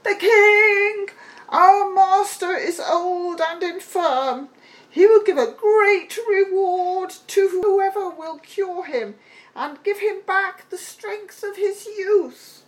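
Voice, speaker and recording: A woman's voice: very high-pitched, slow, pitched above the performer's own voice, rough recording. A woman voicing a royal herald crying out a proclamation in a fairy tale. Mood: proclaiming. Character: the king's herald, loud and proclaiming.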